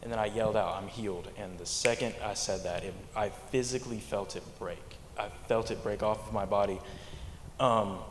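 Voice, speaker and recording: A young man giving a church testimony in a halting way, often repeating words, mostly speaking quietly. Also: fairly low pitch, fairly even intonation, slight background noise. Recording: echoey hall, faint ambience.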